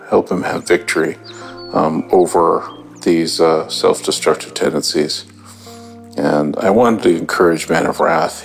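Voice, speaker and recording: A man calls in to pray for another caller, speaking hesitantly with many fillers. His voice is extremely deep and gravelly, and his pace is slow. Faint music plays behind him. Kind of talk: phoned-in prayer.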